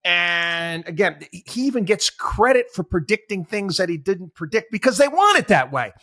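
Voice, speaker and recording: Man, talk radio host, sarcastic and exasperated, bright forceful voice, fairly high pitch. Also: big pitch swings, normal speed, no echo, clean studio sound. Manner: sarcastic, exasperated, rhetorical questions. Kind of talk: opinionated talk radio commentary.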